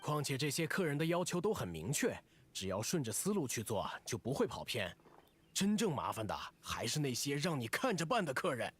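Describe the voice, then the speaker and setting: A seasoned innkeeper from a video game who gives advice calmly. His pitch rises and falls in a lively way as he speaks. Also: a little fast, husky. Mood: advising. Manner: calm, advising. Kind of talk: game dialogue.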